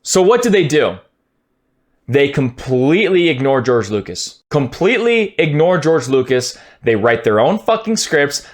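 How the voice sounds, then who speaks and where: A man streamer ranting his opinion in a casual, profane, heated way, at times breaking into shouts. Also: a little high, sing-song, unhurried.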